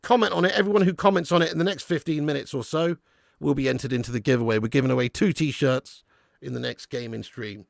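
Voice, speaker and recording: A man hosting a live football watch-along, commentating excitedly and chatting casually with viewers in the comments. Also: mid-range voice, fast talker, creaky, no room sound, studio quality. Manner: excitable, jumps up at big moments. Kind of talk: live match commentary reading chat.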